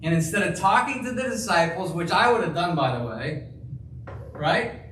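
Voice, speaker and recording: A man preaching a sermon as pastor, slow and emphatic, acting out the quoted lines. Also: high-pitched, lively intonation, fairly bright tone, a little hiss or hum. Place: church. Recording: roomy, distant church sound with faint ambience.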